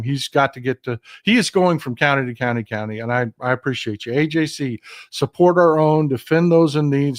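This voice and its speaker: An older man with a medium-pitched voice hosts a political commentary livestream. He speaks with passion and emphasis, repeats phrases, and reads viewer comments aloud.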